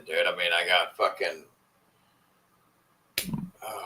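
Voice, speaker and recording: A man's voice: low-pitched, steady tone, unhurried, pauses often, bright, forceful tone, poor audio. A man chatting casually with viewers on a live stream, rambling and swearing as he complains in frustration. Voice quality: profane, rambling. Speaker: vlogger.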